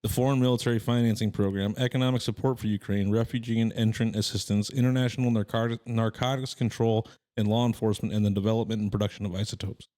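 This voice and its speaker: A man co-hosting a podcast interview, reading out the contents of a bill in a steady, even way. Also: lowish voice, fast, hardly any pauses. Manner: reads out a list in a steady, even way. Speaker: podcast co-host. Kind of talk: casual interview talk.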